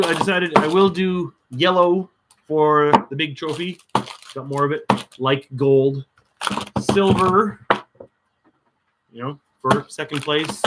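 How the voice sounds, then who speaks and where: A man's voice: a little high, noisy background. A man chatting casually on a crafting livestream, muttering to himself as he works, with dry sarcastic asides.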